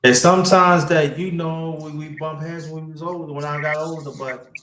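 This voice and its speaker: A man's voice: on the high side, steady tone, moderate pace, fairly bright tone. A man hosting a casual livestream chat, rambling with many fillers and restarts. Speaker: livestream host. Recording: echoey room with background noise.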